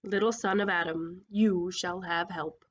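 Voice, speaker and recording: A woman voicing a great solemn male lion king, speaking slowly and gravely. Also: lowish voice, fairly even intonation, fairly bright tone, muffled recording, voice pushed down. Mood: gentle.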